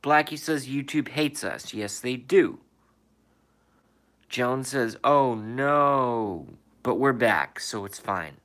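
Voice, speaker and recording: A livestream host reads chat from his room, answering viewers' comments casually with swearing and forceful rhetorical questions. He speaks slowly at a medium pitch, with a slightly bright tone.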